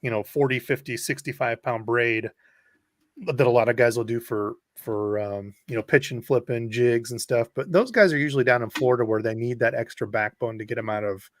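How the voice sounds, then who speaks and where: Relaxed man, dry close sound. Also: mid-range voice, fairly quick, no echo. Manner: relaxed, chatty, frequent ums. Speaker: co-host reading viewer questions. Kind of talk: casual live-stream chat.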